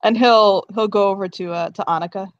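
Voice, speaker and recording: A woman's voice: mid-range voice, a little fast, dry recording. A woman at a tabletop game, rambling through what her character does in a loose, giggly way, tripping over her own restarts. She swears casually now and then. The recording sounds a bit dull and lo-fi. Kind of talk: casual role-play narration.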